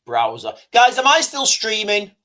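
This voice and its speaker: A man's voice: sits high, huge pitch swings, unhurried, sharp tone. A man hosting a casual livestream, rambling, repeating himself and talking straight to his chat. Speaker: livestream host.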